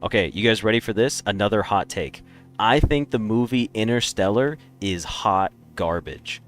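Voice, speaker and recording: A man's voice: on the low side, animated, normal speed, a bit bright, soft background music. A man streaming a game, chatting casually and rambling through opinionated takes. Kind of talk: casual live-stream chat.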